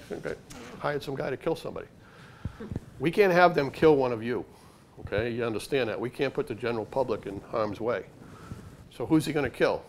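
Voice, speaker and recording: An older man with a mid-range voice gives a library talk, drawing on his years as an undercover agent and his work as an author. He tells stories conversationally and punchily, with slight background noise audible.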